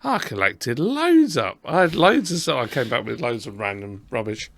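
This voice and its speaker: A man's voice: mid-range voice, very animated, moderate pace, gravelly, a bit bright, slight background noise. A man with a southern English accent hosting a casual podcast chat, talking in a rambling, self-deprecating way. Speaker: podcast host.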